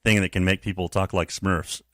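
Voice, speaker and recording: A man's voice: low-pitched, fairly even intonation, moderate pace, dry recording, studio quality. A man hosting an interview show, friendly and a little hesitant as he searches for his words. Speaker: host, counselor. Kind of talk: conversational interview.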